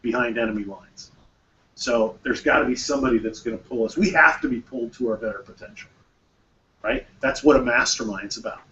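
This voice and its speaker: A man's voice: medium pitch, fairly quick, bright, forceful tone. A man hosting a mastermind group discussion, talking casually and often acting out quoted exchanges with repeated phrases. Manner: conversational, repeats phrases, acts out quoted dialogue. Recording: distant, dull, faint room noise.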